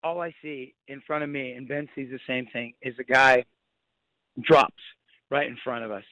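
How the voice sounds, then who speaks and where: A young man with a medium-pitched voice and fairly even intonation calls in over a muffled phone line, giving an emotional first-hand account of a frightening night. He speaks haltingly and vividly, tripping over words as his sentences break off and restart. The recording is dry and close, with no room around it.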